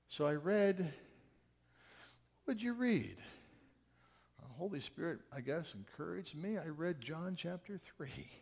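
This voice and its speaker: Preaching man in a reverberant hall. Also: a little high. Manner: swings from loud urgent quotes to quiet asides. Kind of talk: sermon storytelling.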